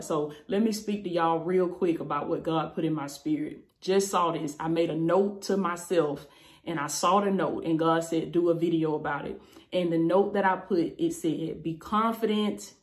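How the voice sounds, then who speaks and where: A woman preaching an online sermon, fervent and repetitive, calling her listeners baby. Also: on the low side. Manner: fervent, repeats phrases, calls listeners baby. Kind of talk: YouTube sermon.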